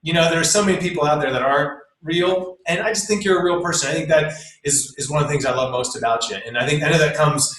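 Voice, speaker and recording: Guy hosting a podcast, slightly high voice, echoey room, gushy and rambly. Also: quick pace, few pauses, far from the mic. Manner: warm, gushing praise with many restarts. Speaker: podcast host. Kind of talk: casual podcast chat.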